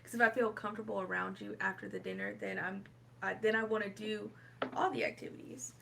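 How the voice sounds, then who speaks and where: A woman's voice: mid-range voice, sing-song, a little fast, vocal fry. A woman in casual podcast chat, talking hesitantly and restarting her sentences. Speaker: podcast co-host. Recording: noisy background.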